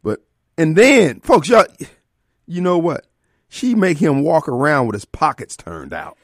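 High, lively man telling a comic tale. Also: a little slow, no room sound, clean studio sound. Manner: animated, exaggerated delivery with sudden outbursts. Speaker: radio show host. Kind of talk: comedic storytelling.

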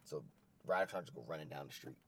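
Deep-voiced man recapping with profane banter. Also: very fast, a bit bright, a little hiss or hum. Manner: loose and profane, acts out quotes in character voices. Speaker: co-host recapping wrestling. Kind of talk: casual podcast chat.

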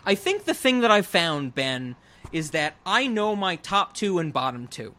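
High, bright-voiced enthusiastic male podcaster. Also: big pitch swings, measured pace. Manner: gushing, enthusiastic, swears freely. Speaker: podcast co-host. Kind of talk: casual film discussion.

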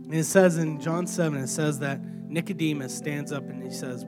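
A young man with a high, light voice preaches a sermon with lively energy, now and then acting out gasping, strained voices. Guitar music plays clearly beneath his words. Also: moderate pace, few pauses. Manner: animated, acts out strained voices. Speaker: young adults pastor.

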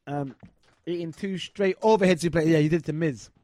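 A man's voice: fairly high pitch, normal speed, dark tone, no echo, studio quality. A man hosting a wrestling chat show and interviewing a guest, eager and rambling with lots of fillers.

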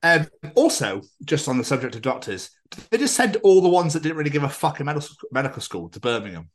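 A man's voice: a little high, big pitch swings, quick pace. Male podcast co-host, rambling jokey banter with swearing. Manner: rambling, jokey, sweary, puts on silly voices. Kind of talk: casual chat.

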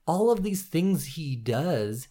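A man in a casual film discussion, talking in an animated way and thinking aloud. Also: a little high, slow pace.

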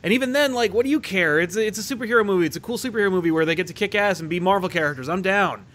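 Young male co-host, slightly high voice, rambling casual chatter full of fillers. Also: rapid-fire, fairly bright tone. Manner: rambling, lots of fillers and restarts. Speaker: podcast co-host. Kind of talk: casual chat.

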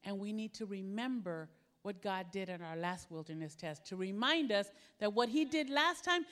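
High-voiced woman preaching with animated storytelling. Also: normal speed. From Philippines. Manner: animated storytelling, acting out her own panic. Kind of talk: sermon.

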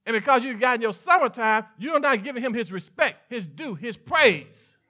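Southern pastor preaching, high bright voice, playful back-and-forth asides with the congregation. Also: male voice, expressive, normal speed. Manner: preaching with call-and-response asides and playful mock dialogue. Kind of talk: sermon.

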